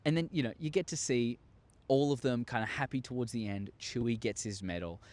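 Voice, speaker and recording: A young man telling a story to his viewers, excitable and acting out scenes with sound effects. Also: medium pitch, fairly quick. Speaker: YouTuber. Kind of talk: casual storytelling monologue.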